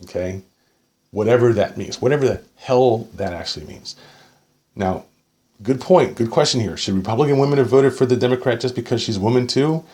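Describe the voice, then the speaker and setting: A man's voice: medium pitch, a little fast, darkish tone. A man reading an article aloud and arguing with it point by point, sarcastic, often tagging his points with "okay?". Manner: sarcastic asides. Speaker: political commentator.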